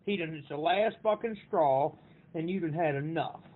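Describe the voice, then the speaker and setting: A man's voice: fairly high pitch, moderate pace. A man on a phone call teasing and needling the other caller in a mock-patient tone. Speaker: prank caller. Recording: tinny phone line.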